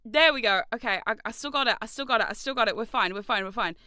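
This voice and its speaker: A young woman chatting casually on a livestream, excitable and quick to swear and laugh. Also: a little high, clear, resonant tone, dry recording. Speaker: streamer.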